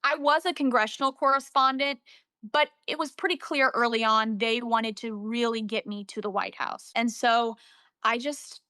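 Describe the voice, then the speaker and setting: Young woman, high voice, journalist guest, animated storytelling, dry close sound. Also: moderate pace, clean tone, no room sound. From Central Illinois. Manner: emotional, animated storytelling with quoted dialogue. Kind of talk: storytelling in a casual interview.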